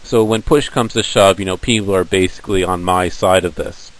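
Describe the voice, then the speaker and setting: A man's voice: sits low, fairly even intonation, fairly quick, lightly acted, low-quality recording. A man voicing the devil as a needling, taunting tempter.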